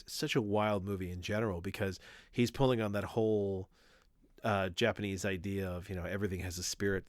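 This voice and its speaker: A man's voice: on the low side, a bit bright, no room sound. A man in his forties co-hosting a podcast in casual chat, rambling with many restarts. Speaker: podcast co-host.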